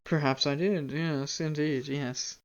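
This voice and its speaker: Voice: mid-range voice, fairly even intonation, takes it slowly, highs cut off. A young-adult game streamer from Canada, chatting casually, rambling, self-mocking and swearing freely. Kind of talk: casual live-stream chat.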